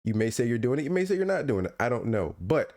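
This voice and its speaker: A man's voice: medium pitch, very animated, quick pace, darkish tone. A man hosting a casual podcast livestream from home, playful and teasing, laughing often. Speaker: podcast host.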